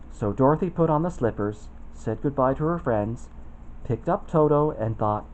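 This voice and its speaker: A man reading a children's storybook aloud, expressive and putting on voices for the characters. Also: mid-range voice, normal speed, a little hiss or hum, poor audio. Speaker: storybook reader.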